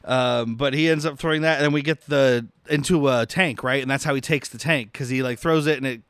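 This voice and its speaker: A man's voice: medium pitch, fairly quick, a bit bright, clear, resonant tone, no room sound. A man co-hosting a casual podcast, recapping a film in a rambling way, laughing often and acting out lines. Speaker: podcast co-host.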